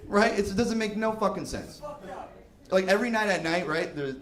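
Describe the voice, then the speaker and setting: A man in his thirties performing profane, animated stand-up on a comedy club stage into a handheld mic. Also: sits high, moderate pace. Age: 30s. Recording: echoey club with crowd noise.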